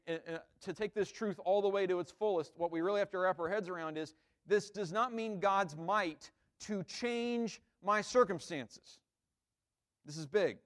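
A man preaching a sermon in a conversational way, often checking in with "right?" and acting out quoted lines. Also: sits high. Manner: acts out the disciples' lines with rising emphasis. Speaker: pastor.

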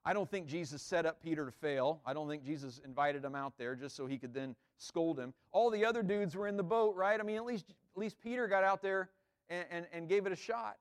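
A man's voice: fairly high pitch, fairly quick, clear, resonant tone. A man, a pastor, giving a conversational sermon in an informal way, repeating words and checking in with the listeners.

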